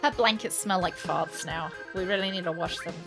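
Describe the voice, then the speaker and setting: A woman's voice: on the low side, moderate pace, vocal fry, over music. A woman streaming live, chatting casually, cooing at her dog in baby talk and giggling as she thanks her viewers.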